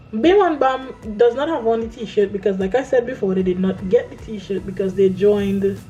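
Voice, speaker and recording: A woman tells a personal story in a relaxed vlog style, speaking her own quoted lines with lively flair. Her voice sits a little high yet sounds mellow and warm. Soft music plays faintly underneath. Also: low-quality recording. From Caribbean island. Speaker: vlogger. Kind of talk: casual storytime monologue.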